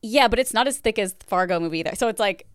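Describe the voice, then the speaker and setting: A young adult woman from the Midwest, co-hosting a podcast in casual chat, full of "like" fillers and quick laughs. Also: mid-range voice, smooth, no echo, studio quality. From American Midwest. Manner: chatty, many "like" fillers, laughs often. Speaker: podcast co-host.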